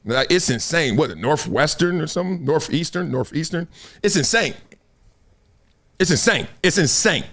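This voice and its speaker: A man hosting a live sports-talk stream, with a voice that sits a bit high and swings widely in pitch. He talks in a loose, animated way and breaks into laughter and mocking impressions. It sounds like a close studio microphone. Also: normal speed. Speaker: host. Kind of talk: casual live-stream commentary.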